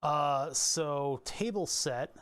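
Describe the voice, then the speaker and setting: A man with a somewhat high voice hosts a casual live stream. He talks his way through code out loud, rambling and restarting his sentences and drifting into asides. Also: very slow, smooth. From Pennsylvania, USA.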